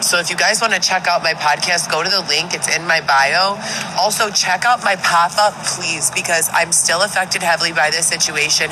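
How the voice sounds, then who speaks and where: A woman on a livestream from inside a vehicle, rambling through plugs for her podcast with plenty of ums. Heavy noise sits behind her voice throughout. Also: low-pitched. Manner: rambling, filler-heavy, repetitive. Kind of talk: casual livestream self-promotion. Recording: livestream clip with loud background noise.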